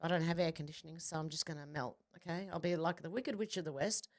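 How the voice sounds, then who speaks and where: A woman hosting a livestream, reading out viewer comments in casual chat with quick, chatty asides. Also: sits low, fairly even intonation. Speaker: livestream host.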